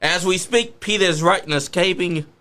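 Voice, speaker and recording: A man's voice: high-pitched, normal speed, pushed and bright. A man hosting a casual wrestling watch party, joking and calling the action as it happens. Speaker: host.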